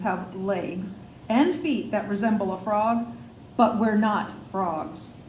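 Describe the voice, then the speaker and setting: A woman author reading her own first-person storybook in a measured, expressive way, with a few small slips. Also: mid-range voice. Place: studio for a radio show. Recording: roomy room, faint noise.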